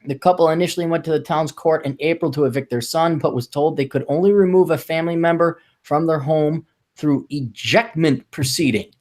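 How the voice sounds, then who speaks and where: A man's voice: fairly high pitch, a little fast, a little mellow. A man hosting a podcast, chatting casually and reading a news story aloud with sarcastic asides. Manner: sarcastic, mocking, laughs at the story. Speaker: podcast host.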